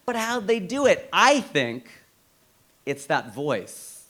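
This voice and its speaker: Male stand-up, high-pitched, very lively delivery, incredulous punchlines. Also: slow, slight background noise. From United States. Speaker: stand-up comedian. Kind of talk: stand-up comedy set.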